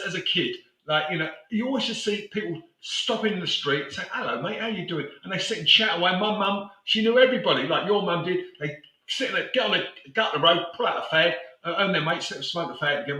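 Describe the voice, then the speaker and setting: A man's voice: sits high, animated, fast talker, bright, forceful tone, reverberant, recorded from a distance, poor audio. An older man with a South London accent, chatting and reminiscing casually as co-host, laughing easily. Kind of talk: casual chat.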